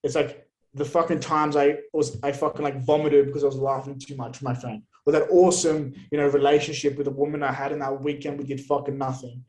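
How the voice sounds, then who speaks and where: A man's voice: mid-range voice, fast, poor audio. A man, a podcast guest, talking bluntly in a casual interview and swearing often. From Australia. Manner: blunt, heavy swearing, animated rants.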